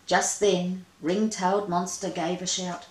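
A woman reading a children's story aloud in a slow, expressive way. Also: on the low side, echoey room, poor audio.

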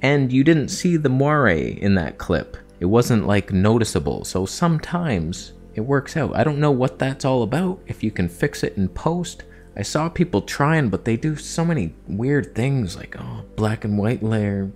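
Young male vlogger, animated, cussing, self-talking, lively pitch. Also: unhurried. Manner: animated, swearing, talks to himself. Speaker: camera reviewer. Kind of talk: casual vlog commentary.

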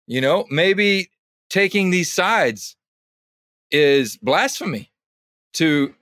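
A man guesting on a podcast in casual conversation, an animated storyteller who drops his voice when quoting others. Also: a little high, very slow, no echo, studio quality.

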